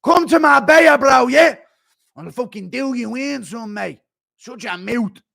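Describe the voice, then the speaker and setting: A man putting on a put-on to play a cocky, brash male fighter who shouts and swears. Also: extremely high pitch, lively intonation, unhurried, gravelly, voice pushed up, exaggerated voice. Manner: shouty, swaggering, profane.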